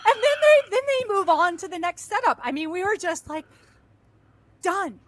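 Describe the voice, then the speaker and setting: A woman, a guest actress and stuntwoman, telling animated stories and acting out shouts and screams with frequent laughter. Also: extremely high pitch, fairly quick, noisy background. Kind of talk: animated storytelling.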